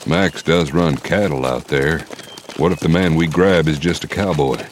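An actor playing a laconic, dry-humored drifter gunfighter in an audio drama. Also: male voice, extremely low pitch, normal speed, slight background noise.

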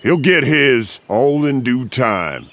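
An actor playing a cold, threatening leader of hired guns in an audio drama. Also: male voice, mid-range voice, expressive, takes it slowly, fairly bright tone. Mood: menacing. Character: menacing male hired-gun leader, threatening.

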